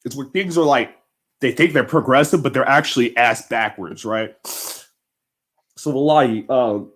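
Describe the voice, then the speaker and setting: A man's voice: medium pitch, moderate pace, fairly bright tone. A man vlogging an impassioned, rambling monologue, emotional and emphatic, repeatedly checking in with his listeners. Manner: heated, rambling, emphatic with repeated tag questions.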